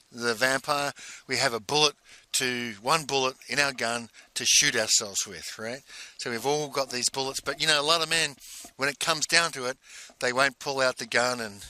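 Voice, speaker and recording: A man coaching in a monologue, telling a personal story in a halting way and repeating phrases for emphasis. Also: mid-range voice, pushed and bright, dry recording. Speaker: business coach.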